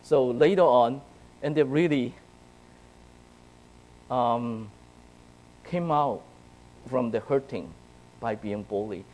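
A Chinese youth speaker preaches to young listeners through a personal story, swinging animatedly from hushed to loud and often asking "right?" or "okay?" His voice is medium in pitch and slow, with long pauses. The audio is low-quality.

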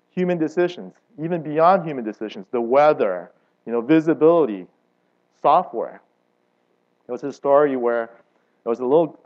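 Chatty preacher man, lively emphasis. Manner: relaxed, chatty, asks the audience questions; lively swings in loudness and pitch for emphasis. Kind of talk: conversational sermon with storytelling. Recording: dull lo-fi recording.

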